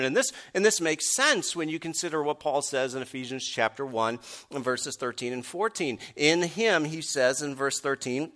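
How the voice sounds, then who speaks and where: Bright-voiced man preaching a sermon. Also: fairly high pitch, expressive, moderate pace. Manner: emphatic, rising to forceful peaks on key points. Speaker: pastor.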